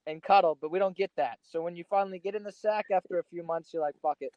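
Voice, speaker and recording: Young dude cohost, high voice, chill and crude, dead dry lo-fi audio. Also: male voice, quick pace, darkish tone, no echo. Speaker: podcast co-host. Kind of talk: casual podcast banter. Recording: dry, dull lo-fi sound.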